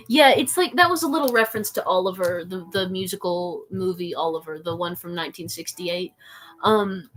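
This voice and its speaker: A woman's voice: lowish voice, normal speed, fairly bright tone, faint music behind. Playful rambling young woman streamer. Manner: playful and rambling, heavy use of "like", slips into silly voices. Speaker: live streamer reading chat. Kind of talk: casual live stream chat.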